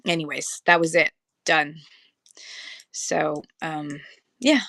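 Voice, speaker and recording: Live-stream host: a chatty woman, bright, with a dry close-mic sound. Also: deep voice, takes it slowly, no echo. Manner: chatty, reads viewer comments aloud, many fillers. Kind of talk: casual live-stream chat.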